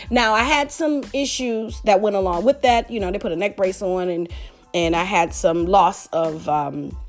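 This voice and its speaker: A woman preaching a fervent testimony sermon, repeating phrases and calling out to her listeners. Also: mid-range voice.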